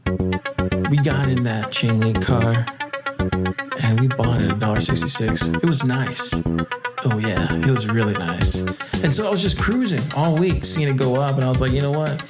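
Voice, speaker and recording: A man hosting a casual podcast in a lively, swooping voice, hyped and joking, laughing often and leaping into high exclamations. Music plays clearly behind him. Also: normal speed. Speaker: podcast host. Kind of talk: casual crypto podcast talk.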